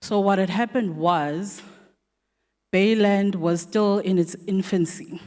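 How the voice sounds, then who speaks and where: At a community dialogue event, a South African woman who works as an assistant editor gives a public vote of thanks and some remarks, with many ums and restarts. She has South African English, a medium-pitched, darkish voice, fairly even intonation and a slow pace. The hall adds a long reverb to the recording.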